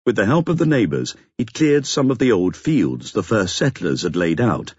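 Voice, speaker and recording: A man narrating a novel in a measured, even storytelling manner. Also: lowish voice, slightly rough, dry recording, dull audio. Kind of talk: scripted audiobook narration.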